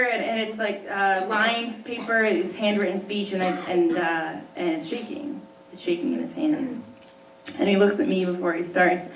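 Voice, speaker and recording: Woman storyteller in an echoey hall. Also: mid-range voice. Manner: conversational, laughs often, restarts sentences. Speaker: high school English teacher. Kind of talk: live storytelling on stage. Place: stage in an arts center hall. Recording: roomy hall, distant mic, faint noise.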